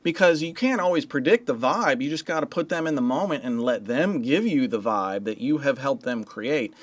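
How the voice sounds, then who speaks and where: A man's voice: mid-range voice, expressive, normal speed, no echo. A man hosting a livestream as a mixing engineer, talking in a loose, chatty way with slang and the odd swear word. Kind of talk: casual livestream teaching.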